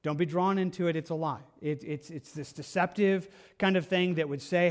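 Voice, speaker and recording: A man's voice: a little high, fairly quick, hardly any pauses, darkish tone. A man preaching a sermon as pastor, earnest, with frequent repeated words and restarts.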